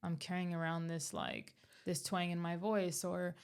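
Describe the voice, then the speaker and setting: A woman's voice: on the low side, sing-song, unhurried, creaky, smooth. A young woman co-hosting a podcast with her father, speaking candidly in casual conversation and questioning her own habits. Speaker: podcast co-host, daughter.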